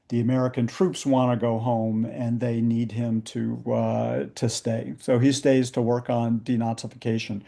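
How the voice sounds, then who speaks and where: Gravelly low-voiced man telling history. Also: mellow. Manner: frequent fillers, narrating history. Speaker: book author. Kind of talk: book talk presenting slides.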